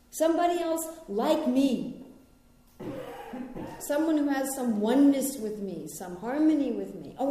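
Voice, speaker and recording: A middle-aged American woman, originally from New York, gives a spiritual talk and folds personal stories into a gently reflective teaching. Her voice is mellow and soft-edged. It rings out in a very echoey room. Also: sits high. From New York, United States.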